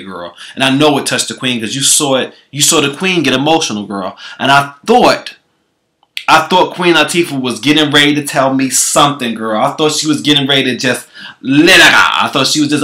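A man's voice: medium pitch, pushed and bright. Sassy, profane man vlogger. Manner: sassy, profane, calls listeners girl constantly. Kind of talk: comedic commentary.

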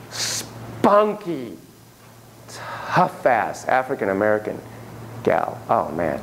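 A man's voice: mid-range voice, lively intonation, slow, slight background noise. A man teaching a class on child psychotherapy, emphatic and playful, with frequent asides. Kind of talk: classroom lecture.

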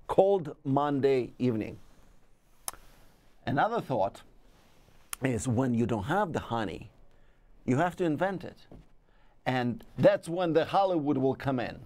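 A man's voice: medium pitch, a little mellow. A man hosting a comedic talk show, delivering a playful, rambling monologue with asides.

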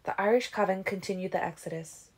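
A woman reading a novel aloud as an audiobook in a steady, even way. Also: mid-range voice, fast talker, breathy edge. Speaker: audiobook reader. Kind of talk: audiobook narration.

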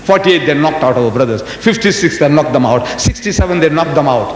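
Animated man in his seventies lecturing. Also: a little fast, few pauses. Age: 70s. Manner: animated storytelling, rhetorical questions, emphatic jumps in pitch. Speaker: Islamic lecturer. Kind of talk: lecture delivered to a live audience. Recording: roomy hall reverb, faint background rumble.

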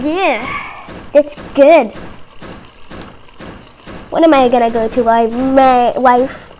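A woman giving playful gameplay commentary, giggly and easily panicked, bursting into shrill cries of no. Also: slight background noise, rough recording. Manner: excitable, breaks into high panicked shrieks of "no"; giggly and playful between outbursts. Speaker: gaming video host.

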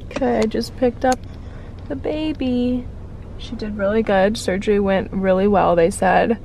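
A woman's voice: medium pitch, fairly even intonation, measured pace, creaky, a little hiss or hum. A young woman in her twenties talking casually to her phone camera for a vlog, chatty and a little emotional. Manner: chatty and emotional, with soft teary asides. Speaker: vlogger. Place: in a car, then at home in bed.

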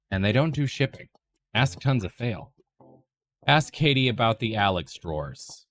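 A man on a livestream doing a goofy impersonation of another streamer, rambling and playful, swinging from silly squeals to deadpan mumbles. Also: mid-range voice, a little slow. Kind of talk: comedic stream chat impersonating a woman streamer.

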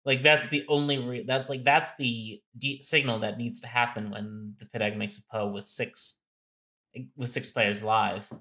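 A man's voice: medium pitch, steady tone, moderate pace, pushed and bright. A man co-hosting a casual game-strategy talk, explaining step by step and thinking aloud with restarts. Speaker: co-host.

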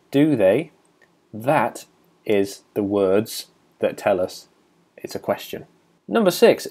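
A man's voice: on the low side, a little mellow. Man explaining a grammar test. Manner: explains step by step, reads questions aloud. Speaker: teacher. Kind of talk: test walkthrough lesson.

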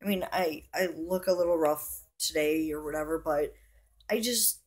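A woman's voice: low voice, moderate pace, a little mellow. A middle-aged woman vlogging to camera, telling a story in a chatty, indignant, rambling way with lots of fillers.

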